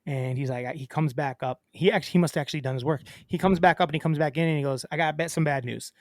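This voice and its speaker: A man's voice: on the high side, quick pace, dry recording, clean studio sound. A man co-hosting a podcast, chatting casually and acting out a phone call as he tells a story. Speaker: podcast co-host. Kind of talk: casual chat.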